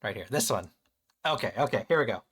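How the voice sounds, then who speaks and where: A man live-streaming casually to his chat, playful and excitable, joking about himself and rambling as he sets things up. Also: medium pitch, fast talker, husky. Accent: American. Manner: playful, chatty, self-deprecating, excitable.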